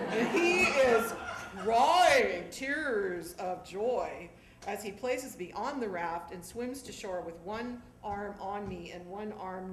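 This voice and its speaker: A middle-aged woman from Southern California performing a one-woman stage monologue, animated and acting out voices. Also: mid-range voice. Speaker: storyteller performer. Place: theatre stage. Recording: echoey theatre with background noise.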